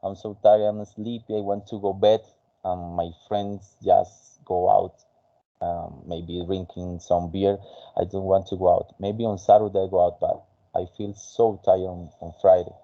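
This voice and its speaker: A man whose first language is Spanish, teaching an English conversation class in a halting way with many fillers. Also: sits low, little pitch movement, dull audio.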